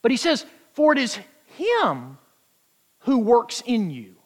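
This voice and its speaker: A man preaching a sermon, emphatic and quoting scripture, stretching key words out slowly for weight. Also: extremely high pitch, huge pitch swings. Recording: long hall reverb.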